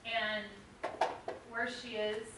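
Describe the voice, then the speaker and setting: A woman participant in a seminar, telling a personal story in a chatty, halting way. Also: a little high, flat delivery. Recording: echoey room from far off with noise.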